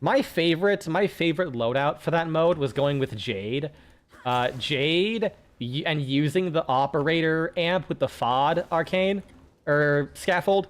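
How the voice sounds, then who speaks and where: A young man streams a game and talks to his chat in a loose, rambling way, often restarting his sentences. His voice sits a little high for a man, and he swears freely as he goes. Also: measured pace. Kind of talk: casual gaming chat.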